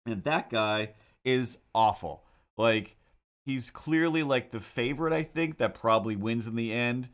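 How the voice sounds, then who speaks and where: A man's voice: mid-range voice, measured pace, a bit bright. A man hosting a drawing livestream, chatting casually in a rambling, sarcastic way with frequent restarts. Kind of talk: casual chat.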